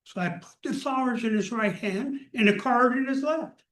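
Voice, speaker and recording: An older man telling a personal story to a live group in a plain, unhurried way. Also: very high voice, a bit bright, slight background noise. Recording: echoey room.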